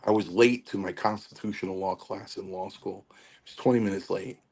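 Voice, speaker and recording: Middle-aged male guest, lowish voice, animated storyteller who acts out the voices of others. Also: brisk, vocal fry, breathy edge. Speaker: podcast guest. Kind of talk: storytelling interview.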